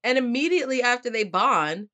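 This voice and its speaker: A woman's voice: fairly high pitch, lively intonation, a little fast, pushed and bright. A woman recapping a novel chapter in casual chat with friends, swearing freely and acting out the characters' lines. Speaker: book club co-host. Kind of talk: casual book discussion.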